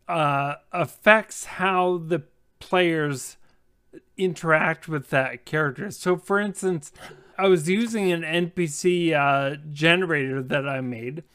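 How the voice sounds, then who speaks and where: A man's voice: on the high side, fairly bright tone, smooth. A man in his forties hosting a casual chat, asking long questions. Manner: asks questions at length.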